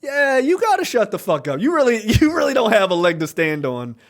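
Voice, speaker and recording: A podcast co-host with a high-pitched voice speaks briskly in a casual movie review chat. He's animated and acts out the characters' lines.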